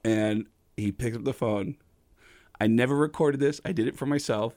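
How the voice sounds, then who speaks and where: A man's voice: medium pitch, normal speed. A middle-aged man, a stand-up comedian, telling a story in a casual chat and acting out voices and impressions. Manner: animated storyteller who acts out voices and impressions.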